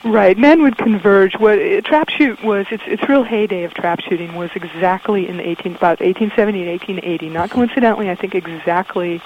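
A woman's voice: on the low side, a little hiss or hum. A woman guest in a radio interview, explaining in a thoughtful way with frequent ums, heard through dull, muffled audio.

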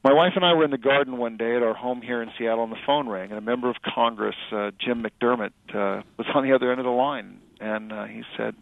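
A middle-aged male author and journalist answering interview questions in a thoughtful, halting way with many fillers and restarts. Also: medium pitch, fairly even intonation, creaky, no room sound. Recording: dry tinny phone-like radio audio.

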